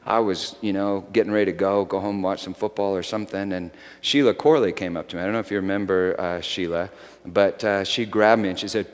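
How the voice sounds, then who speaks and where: A man preaching a sermon as a pastor, shifting from dramatic storytelling to soft, meditative guidance. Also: on the low side, brisk. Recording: long hall reverb.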